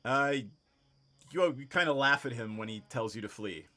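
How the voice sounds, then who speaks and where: Running a tabletop game over an online voice chat mic, this man narrates with easy humor, laughing readily with the players. His mid-range voice is animated and sharp, at a moderate pace.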